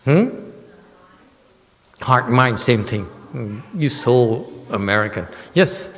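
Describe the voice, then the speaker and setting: A man's voice: mid-range voice, lively intonation, very slow, a bit bright, in a large hall. A man teaching Buddhism in a Dharma lecture, often teasing and chuckling with his listeners. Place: temple hall.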